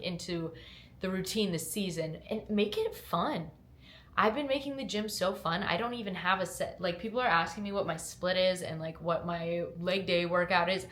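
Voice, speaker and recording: A woman's voice: fairly low pitch, fairly bright tone, a little hiss or hum. A young woman vlogger from upstate New York, raised in Georgia, with a slight Southern twang, answering viewer questions in a candid, chatty way with fillers. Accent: slight Southern twang mixed with upstate New York. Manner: candid, chatty, hedging with fillers, upbeat when motivating. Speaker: fitness lifestyle vlogger. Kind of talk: casual Q&A chat to camera. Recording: echoey room.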